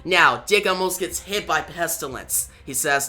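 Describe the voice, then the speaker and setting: A man's voice: fairly high pitch, lively intonation, unhurried, pushed and bright, soft background music. A man retelling a comic book issue in a loose, casual way, starting most lines with "now". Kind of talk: casual comic recap narration.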